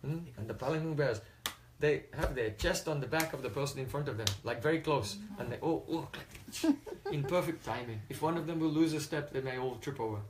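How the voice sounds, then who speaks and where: A man's voice: mid-range voice, brisk, hardly any pauses, background noise. A man telling a religious story in a talk, often checking in with his listeners. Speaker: spiritual teacher.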